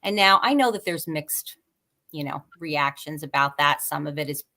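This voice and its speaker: A woman guest on a podcast, speaking in a fairly low voice. She gropes for words with frequent fillers, repeats herself and restarts sentences. The overall feel is an easygoing, unscripted chat. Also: gravelly, pushed and bright. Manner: halting, with many fillers and restarts. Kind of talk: casual conversation.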